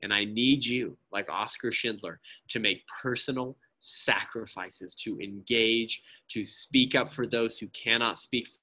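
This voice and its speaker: A man's voice: lowish voice, measured pace, few pauses, bright, forceful tone. A man giving an impassioned pro-life talk at a church, speaking emphatically, often asking "right?" and addressing the listeners as friends.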